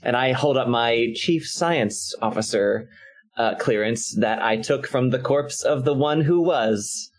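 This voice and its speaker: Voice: medium pitch, a little slow. A player in a tabletop role-playing game, talking playfully.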